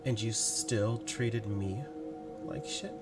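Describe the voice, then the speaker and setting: A man's voice: fairly low pitch, steady tone, slow pace, over loud music. A man voicing a sinister female spirit who taunts her captive in a cold, mocking way. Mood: taunting. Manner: mocking, coldly menacing.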